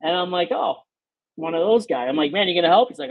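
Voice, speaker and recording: A man hosting a podcast tells casual, profane stories about work, animatedly acting out what people said. His high-pitched voice moves fast, and the audio is narrow and tinny with no echo.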